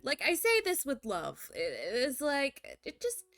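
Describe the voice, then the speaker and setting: A woman's voice: high-pitched, huge pitch swings, unhurried, fairly bright tone, no echo. A woman streamer chatting casually and animatedly, laughing and swearing freely between reading passages. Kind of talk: casual live-stream chat.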